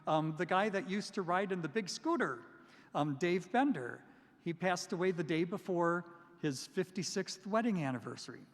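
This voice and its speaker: A man preaching a Sunday sermon as parish priest, animated and humorous, telling Bible stories in a lively, conversational way. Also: high voice, moderate pace. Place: church. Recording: long reverb of a church.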